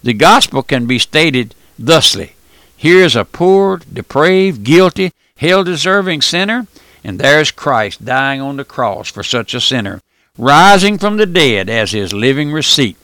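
A man's voice: medium pitch, sing-song, measured pace, pushed and bright, dry recording. A man preaching a folksy radio sermon, emphatic and full of rhetorical questions.

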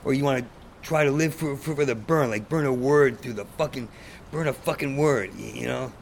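Brief: a man as a stand-up comic guest, gravelly, stutters, swears freely, faint hiss behind. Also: medium pitch, fairly quick. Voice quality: stutter, repeats sounds. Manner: blunt, profane, rambling. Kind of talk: casual conversation.

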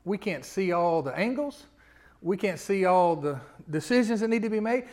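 A middle-aged male pastor preaching a sermon in a conversational way, asking the congregation rhetorical questions and building to loud emphatic peaks. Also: high voice, expressive, normal speed.

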